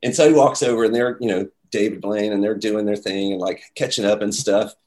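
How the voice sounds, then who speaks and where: A man telling a story in casual chat, animated, acting out the voices of the people in it. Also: on the low side, a little fast. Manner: animated, acts out quoted voices, many "like"s.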